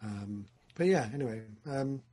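A man, co-hosting a casual film podcast, talking with big bursts of enthusiasm that drop into low asides. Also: normal speed. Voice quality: husky. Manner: excitable, swings from loud enthusiasm to low mumbling asides. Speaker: podcast co-host.

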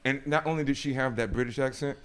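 A man's voice: mid-range voice, fairly even intonation, fast, smooth. A man from Mississippi, telling stories in a casual chat, laughing often and acting out voices. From Jackson, Mississippi, USA.

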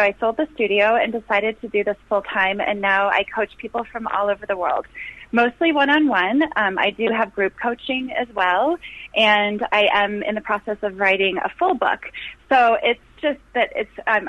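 A woman's voice: medium pitch, dry recording. Woman, middle-aged, enthusiastic phone-in guest, positive and chatty, dull lo-fi telephone sound. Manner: enthusiastic, positive, laughs easily. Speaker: phone-in guest, life coach. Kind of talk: upbeat radio interview.

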